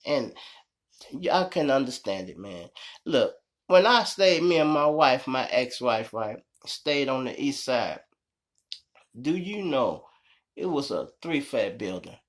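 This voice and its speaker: A man with a Chicago accent, telling a story in a casual, profane way and keeping up a running chat with his audience. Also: mid-range voice. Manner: animated, profane, keeps addressing the audience. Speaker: storyteller host.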